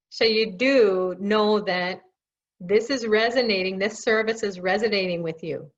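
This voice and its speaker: A woman's voice: medium pitch, unhurried. A woman hosting a live question-and-answer stream, chatty and reassuring, with jokes at her own expense. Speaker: live show host answering viewer questions. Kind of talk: casual live Q&A. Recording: dull lo-fi stream audio.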